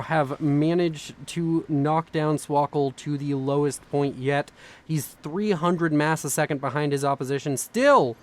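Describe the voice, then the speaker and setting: A young man casting a strategy video game with quick, chatty, self-mocking commentary, sounding tired. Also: fairly high pitch, a little mellow. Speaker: game caster.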